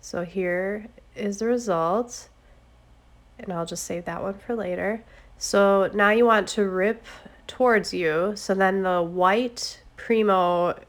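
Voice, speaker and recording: A woman with a stuffy, congested voice from a cold, giving a relaxed, chatty craft tutorial with step-by-step explanations. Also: mid-range voice, slow pace. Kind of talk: casual step-by-step tutorial narration.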